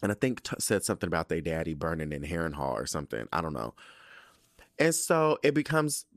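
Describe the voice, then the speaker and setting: A man hosting a podcast, recapping a TV episode in an animated, profane, sassy storytelling way. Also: fairly low pitch, no echo, clean studio sound. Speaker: podcast host.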